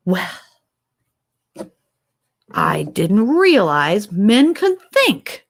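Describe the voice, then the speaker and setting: A woman's voice: medium pitch, wildly swooping pitch, extremely slow. A woman, a mother, hosting an opinionated talk show, firing off rhetorical questions and acting out quoted exchanges. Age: adult mother. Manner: impassioned, fires off rhetorical questions; acts out quoted dialogue in other voices. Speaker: host.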